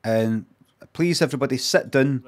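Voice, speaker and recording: A man's voice: mid-range voice, moderate pace. A man, chatting casually and swearing while streaming reaction commentary. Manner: chatty, swearing, rambling asides.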